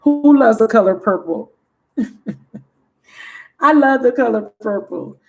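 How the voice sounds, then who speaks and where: Tarot reader, woman, slightly high voice; goofy, chatty, exclamatory. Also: lively intonation, slow pace, creaky, pauses often. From Broward County, Florida. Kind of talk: live tarot reading with viewer shout-outs.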